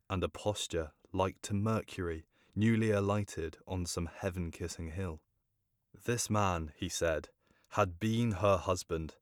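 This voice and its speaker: Deep-voiced man narrating a story. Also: dry recording, clean studio sound. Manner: measured, formal reading.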